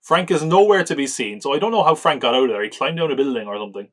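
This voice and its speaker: A podcast host reviews a film in a loose, joking, rapid-fire way, his mid-range voice expressive and full of "like" and frequent chuckles. He's chatty and mocking throughout.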